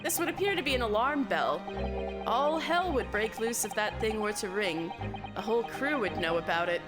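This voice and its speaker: A woman voicing an earnest, wary young male lawyer in a game, measured and a little anxious, over game music. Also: on the high side, expressive, voice pushed down, lightly acted. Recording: game music playing behind.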